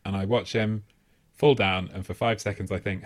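A man's voice: fairly low pitch, steady tone, normal speed. A man, a podcast co-host telling a rambling, self-mocking story full of swearing and laughter. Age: 30s. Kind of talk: casual comedic storytelling.

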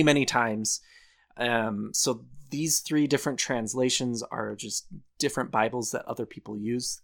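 A man's voice: mid-range voice, fairly bright tone. A man co-hosting a casual podcast chat, explaining things and often breaking into laughter. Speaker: podcast co-host.

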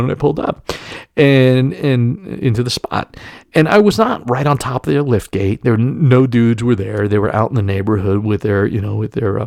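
A man's voice: on the low side, creaky, a little mellow, no room sound, clean studio sound. A middle-aged man from Staten Island, telling stories in a casual, rambling way full of restarts and fillers. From Staten Island, New York. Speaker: podcast co-host. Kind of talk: casual storytelling chat.

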